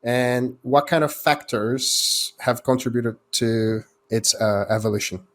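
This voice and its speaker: A man's voice: mid-range voice, slow pace. A man hosting a casual tech podcast, greeting listeners and guests in a friendly, loose, chatty way. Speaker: podcast host.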